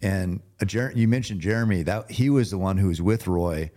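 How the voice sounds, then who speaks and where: A man with a low, deep voice talks in a relaxed, plainspoken way during a casual conversation. He recounts events steadily with the odd "uh" filler. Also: a little fast. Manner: laid-back, short agreeing interjections.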